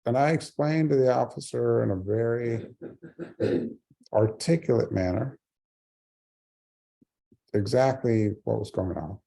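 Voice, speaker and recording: A man's voice: mid-range voice, measured pace, gravelly, long pauses, warm tone, slightly rough. A man in his forties giving a speech, telling a personal story with earnest humor. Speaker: keynote speaker.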